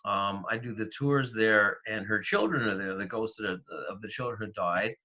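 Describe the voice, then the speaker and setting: A man from Canada, a paranormal investigator, talking in a rambling, animated way with lots of fillers. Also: fairly low pitch, normal speed. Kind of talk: casual interview talk. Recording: dull, lo-fi remote audio.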